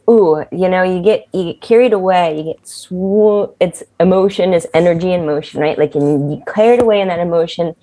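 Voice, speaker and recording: Candid, swearing woman in casual talk. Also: fairly low pitch. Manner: candid, animated, swears freely. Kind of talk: casual conversation.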